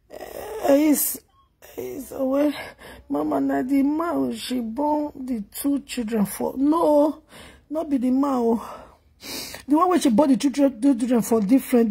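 High-pitched wailing Nigerian woman. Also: vocal fry, dark tone. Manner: wailing, chanting, grief-stricken. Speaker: gossip vlogger. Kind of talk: emotional lament and gossip.

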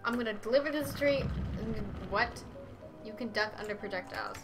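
A woman's voice: on the high side, fairly quick. A woman streaming herself playing a video game, talking to viewers and swearing constantly in exasperated outbursts. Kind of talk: live gameplay commentary. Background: game music.

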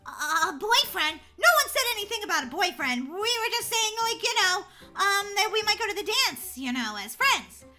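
A nervous teenage girl with a crush, voiced by a woman in a role-play video, stammering and giggling. Her voice is very high and bright, swooping up and down a lot. Faint music plays underneath. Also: very animated, normal speed, few pauses, exaggerated voice. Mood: flustered.

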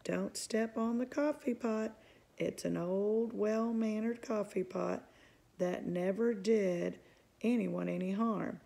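A woman with a creaky, husky voice reading aloud and voicing a bold, cheeky little girl in a storybook, her tone lively and teasing. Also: mid-range voice, takes it slowly. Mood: playful.

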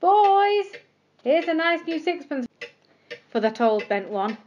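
A woman's voice: normal speed, lo-fi sound, close to an everyday voice. A woman playing a fretful little crooked old man. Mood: calling. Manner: high, cries out anxiously.

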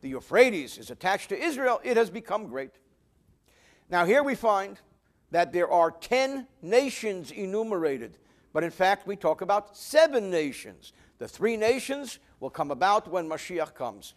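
A man teaching as a rabbi, reading Hebrew phrases and translating them line by line, with expressive rises and drops in pitch and volume. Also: measured pace. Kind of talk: line-by-line text lesson, Hebrew read then translated.

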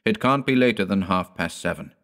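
A man's voice: sits low, lively intonation, brisk, a bit bright. A man voicing a grim, stern peasant father who speaks in an urgent, commanding, raised voice. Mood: tense.

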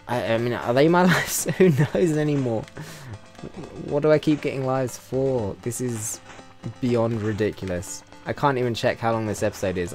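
Man, British accent, let's play commentary, sarcastic, swearing, sudden loud yelps, faint game music behind. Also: on the low side, moderate pace. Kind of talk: casual gameplay commentary.

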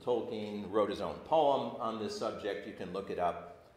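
In an echoey church classroom, a man with a lowish voice teaches an adult class at a normal pace, reading old verse aloud and explaining it in an informal lecture. He's animated and keeps stopping and restarting, with slight background noise.

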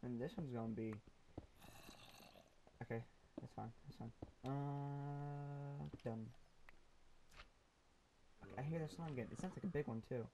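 A man's voice: mid-range voice, moderate pace, long pauses, noisy background. A young man casually narrating a Minecraft session, rambling to the viewers and to the mobs with lots of ums. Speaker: gaming YouTuber. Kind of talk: casual Minecraft let's play commentary.

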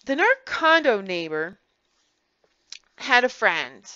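Brief: bright-voiced woman vlogger, earnest storyteller, dry and dull lo-fi sound. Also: on the high side, slow pace, no echo. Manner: earnest, explanatory, animated storytelling. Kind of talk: personal vlog commentary.

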